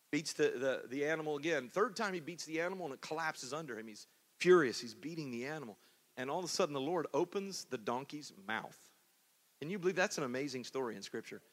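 A male pastor preaching a sermon, moving between loud exhortation and quieter storytelling. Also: a little high, in a large hall.

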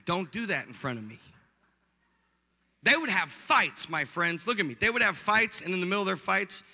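A pastor preaching with animated, punchy storytelling and comic timing. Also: male voice, sits high, long reverb tail. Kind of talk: storytelling sermon.

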